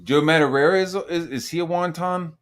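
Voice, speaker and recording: A middle-aged man hosting a casual, profane chat, animated and jumping into high-pitched quoted voices. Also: brisk. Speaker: podcast host.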